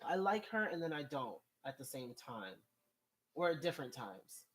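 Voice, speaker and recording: A man's voice: fairly high pitch, very animated, moderate pace, a bit bright. A man vlogging in casual commentary, reading viewer comments and rambling in an exasperated way. He laughs often, and his voice rises when he gets worked up.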